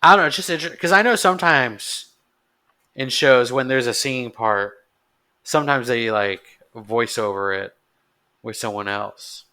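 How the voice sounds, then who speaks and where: A man co-hosting a podcast, thinking aloud in a casual, halting way. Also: medium pitch, sharp tone, clean tone. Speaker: podcast co-host. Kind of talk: casual chat.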